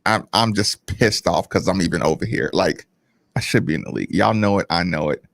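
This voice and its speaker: A man co-hosting a sports radio show, telling stories in a casual, animated way and acting out quotes. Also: low voice, a little fast, vocal fry, no echo, studio quality. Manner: animated, laughing storyteller who acts out quotes. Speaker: radio co-host, former basketball player.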